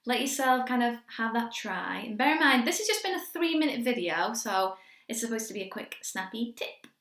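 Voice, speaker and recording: A young woman coaching singers in a quick lesson, chatty and encouraging, breaking into sung demonstrations. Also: on the high side, lively intonation, fairly bright tone, roomy sound. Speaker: vocal coach.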